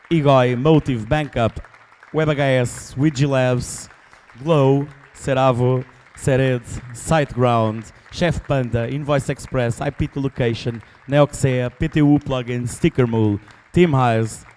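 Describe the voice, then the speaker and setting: A man's voice: mid-range voice, a little mellow, slight background noise. Man, Portuguese accent, conference organizer, reverberant auditorium, audience murmur. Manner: loose, joking, reads long name lists. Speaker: event organizer speaking on stage. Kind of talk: closing remarks at a conference. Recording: echoey hall with crowd behind.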